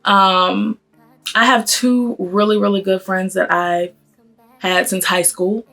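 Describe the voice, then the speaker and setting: Doing her makeup at home, this thirtysomething beauty vlogger rattles through a casual get-ready-with-me chat, stumbling over words. Born in Pennsylvania but raised in Atlanta, she mixes Northern and Southern US accents, and her medium-pitched voice is sharp, fry-tinged, and barely moves in pitch.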